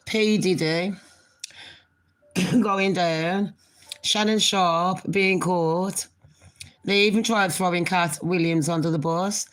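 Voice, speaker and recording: A middle-aged woman, chatting casually to her viewers in a rambling, cheeky way while she has a cold and a cough. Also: fairly low pitch. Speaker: vlogger. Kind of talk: casual rambling chat to camera.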